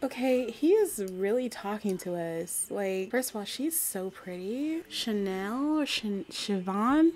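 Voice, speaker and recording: A woman's voice: medium pitch, expressive, slow pace, few pauses, darkish tone. Young female gaming vlogger, bubbly and giggly, casual running commentary. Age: young adult. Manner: giggly, gushing, lots of "like". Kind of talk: casual let's-play commentary.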